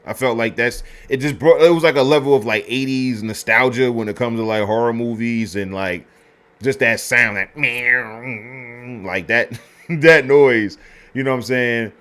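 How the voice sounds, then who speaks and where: Male history host, casual film breakdown, slangy, rambling, mid pitch. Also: normal speed, fairly bright tone. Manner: loose slangy delivery with many fillers and restarts. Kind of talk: casual film review talk.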